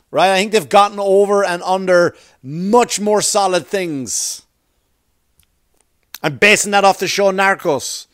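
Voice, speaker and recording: A man telling comic stories on a podcast, his voice sitting a little high for a man. He swears freely and keeps tossing in "right?" between thoughts. The sound is dry and close, with no room around it. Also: measured pace, a bit bright, no echo. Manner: profane, keeps checking in with "right?". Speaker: comedian and podcast host. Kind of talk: rambling comic monologue.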